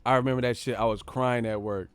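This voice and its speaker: A man's voice: medium pitch, steady tone, quick pace, clear, resonant tone. A man hosting a live stream, chatting in a loose, profane, joking way and laughing often. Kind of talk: casual live-stream chat. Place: streaming setup with several cameras.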